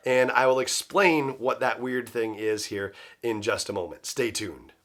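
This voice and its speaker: A man's voice: medium pitch, unhurried, a bit bright. Musing male podcast host. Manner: musing, speculative, many "you know" fillers. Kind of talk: solo podcast commentary.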